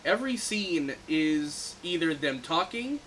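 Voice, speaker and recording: A man co-hosting a casual movie review podcast, animated and laughing often as he talks. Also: fairly high pitch, measured pace, slight background noise, low-quality recording. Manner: animated, laughs often, acts out quoted lines. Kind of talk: casual chat.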